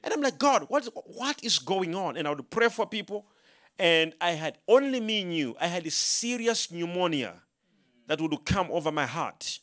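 A male preacher with a fairly high, bright voice delivers a sermon in an animated storytelling way. He swings between hushed, low asides and loud, emphatic proclamations, acting out his own prayers as he goes. His pitch moves constantly. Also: moderate pace. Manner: rising to loud emphatic proclamation when quoting scripture.

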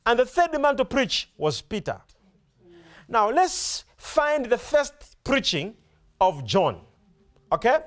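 A man's voice: very high voice, takes it slowly. A male preacher delivering a sermon, emphatic and repetitive, often stopping to ask his congregation questions. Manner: emphatic, repeats words and phrases, animated rise and fall.

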